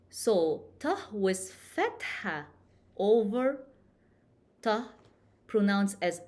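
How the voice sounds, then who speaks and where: Very slow, lively woman teaching letters. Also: medium pitch. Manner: repeats each sound several times, drawn out. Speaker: language teacher. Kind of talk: slow letter-by-letter pronunciation lesson.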